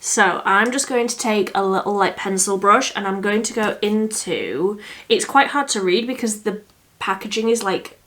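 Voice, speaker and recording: A young woman chatting casually as she does her makeup, thinking aloud and now and then dropping to a soft murmur while she works. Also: mid-range voice, normal speed. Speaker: beauty vlogger. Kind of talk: casual makeup tutorial chat.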